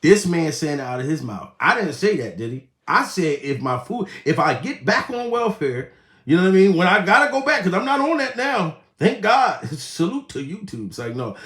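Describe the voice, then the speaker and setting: A man doing a profane comedic rant as host, animated and laughing, swinging between shouts and low asides. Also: normal speed, echoey room.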